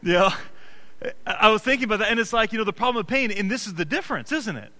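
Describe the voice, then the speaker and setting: Guy preaching a sermon, high bright voice, earnest, stumbles and restarts a lot. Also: big pitch swings, fast talker, poor audio. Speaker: pastor.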